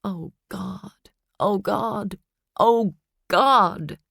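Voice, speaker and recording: A woman's voice: medium pitch, drawn-out words, gravelly, a bit bright, no room sound, studio quality, voice pushed up, exaggerated voice. A man voicing a frantic mother who shrieks and stammers in tears while begging for help finding her son, in an audiobook. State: hysterical, tearful. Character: frantic woman desperate to find her son.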